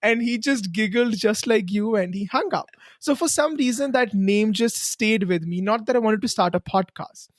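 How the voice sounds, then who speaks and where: A woman's voice: a little high, normal speed, dry recording, clean studio sound. A woman with an Indian accent, a podcast host talking earnestly and encouragingly about her show in a casual interview. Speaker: podcast host answering as guest.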